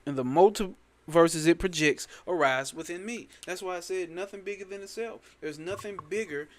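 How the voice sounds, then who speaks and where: A man with a somewhat high voice gives loose, emphatic commentary on a spiritual text. He repeats key phrases and swears freely. The sound is dry, with no room echo. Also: normal speed. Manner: emphatic, repetitive, sprinkled with profanity. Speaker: spiritual teacher. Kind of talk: casual spoken commentary on a scripture.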